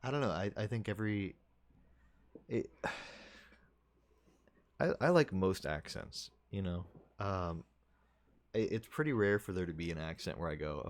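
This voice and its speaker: A man with a very low, deep voice chats casually with his stream audience. He rambles and thinks out loud, full of fillers, restarts and trailing asides. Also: animated, unhurried, long pauses. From United States. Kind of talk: casual chat with viewers.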